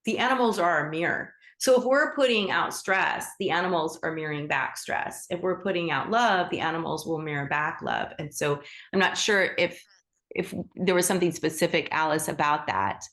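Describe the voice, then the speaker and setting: A woman hosting a live online group class as a teacher, talking with enthusiasm and big swings in pitch. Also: expressive, normal speed, fairly bright tone. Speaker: animal Reiki teacher and host. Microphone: video call.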